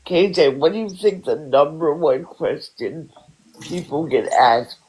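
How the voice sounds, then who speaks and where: A man's voice: on the high side, unhurried, husky, rough recording. Wry man in his late thirties. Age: 30s. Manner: wry and sarcastic, lively. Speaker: guest on a live talk show. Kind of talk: casual chat.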